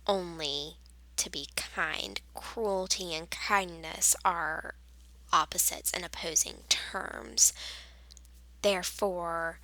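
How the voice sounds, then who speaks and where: A woman in a whispered role-play as a patient teacher, moving between a soft whisper and a hushed voice. Her tone is bright and crisp, and she talks slowly with many fillers. The sound is close and dry, with no room around it. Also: fairly low pitch, dry recording, poor audio. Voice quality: soft whisper mixed with quiet voice.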